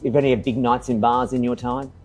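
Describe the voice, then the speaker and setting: A man's voice: mid-range voice, flat delivery, fairly quick, darkish tone, soft background music. A man hosting a casual interview, asking joking, teasing questions. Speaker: host. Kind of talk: casual chat. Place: bar set.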